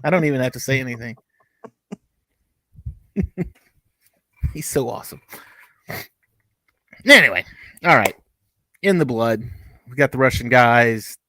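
A man's voice: medium pitch, a little slow, long pauses, pushed and bright, dry recording. Chatty man rambling through a review. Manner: rambling, chatty, with frequent restarts and asides. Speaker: podcast co-host reviewing TV episodes. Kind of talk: casual review chat.

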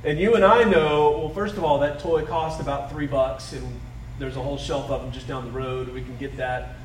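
Middle-aged guy preaching, chatty, gets loud then goes real soft, mic kinda far off. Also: medium pitch, steady tone, normal speed, reverberant, slight background noise. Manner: conversational preaching, swings from loud emphasis to soft, hushed asides. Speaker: pastor. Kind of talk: sermon.

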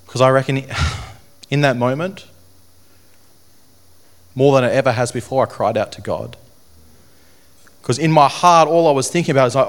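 Young man, earnest testimony speaker, halting and repetitive, mid-pitched voice. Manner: earnest, halting, repeats phrases. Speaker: speaker telling his testimony. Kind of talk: personal testimony talk to an audience.

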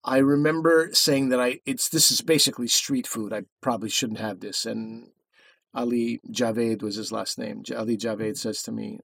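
A man's voice: mid-range voice, steady tone, moderate pace, vocal fry, a bit bright, slightly rough, dry recording. A man co-hosting a podcast in casual chat, rambling through a story and correcting himself as he goes. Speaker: podcast co-host.

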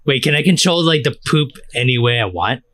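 A man's voice: medium pitch, animated, fairly quick, fairly bright tone, dry recording. A man co-hosting a podcast in casual chat, talking in a rambling, crude way full of fillers. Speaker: podcast co-host.

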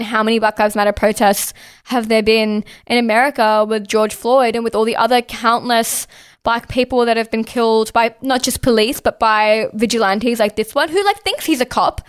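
A woman's voice: a little high, fairly even intonation, a little fast, clean tone. A woman co-hosting a casual political discussion, talking in an impassioned way, swearing often and saying "like" a lot.

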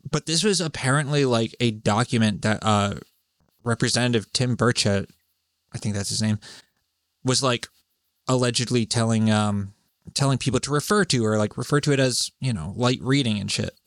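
A man's voice: medium pitch, normal speed, no echo, clean studio sound. Profane, rambling man. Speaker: podcast host. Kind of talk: solo rambling monologue.

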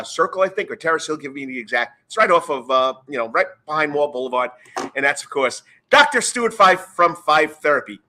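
A New York-accented man hosting a sports radio show with a bright, forceful voice. He talks loud and upbeat and rambles from topic to topic with lots of fillers, pitched a little high. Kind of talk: live radio sports talk.

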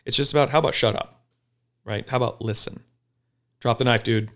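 A police officer talking bluntly and profanely in a casual podcast chat, telling animated stories. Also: male voice, medium pitch, fairly quick. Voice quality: gravelly.

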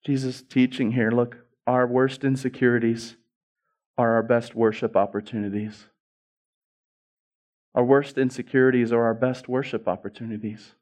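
A male pastor preaching a sermon, swinging from hushed lines to loud, rising ones and repeating key phrases for emphasis. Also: medium pitch, flat delivery, normal speed.

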